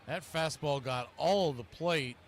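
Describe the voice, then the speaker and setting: Speaking at a slow pace, with a little background noise, a man handles live play-by-play for a baseball game. His manner is wry and talkative between pitches, and he often catches and fixes his own mistakes.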